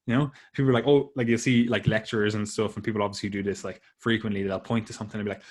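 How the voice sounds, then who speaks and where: A man with a fairly low voice chatting on a podcast, swearing freely. He slips into lively quoted remarks as he tells his stories. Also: racing, hardly any pauses. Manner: swears a lot, animated quoting of others. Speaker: podcast co-host. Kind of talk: casual podcast chat.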